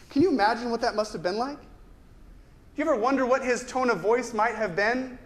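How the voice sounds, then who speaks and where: High-voiced man preaching a sermon. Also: lively intonation, moderate pace. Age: adult with a ten-year-old son. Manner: conversational, with rhetorical questions and repeated words. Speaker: pastor.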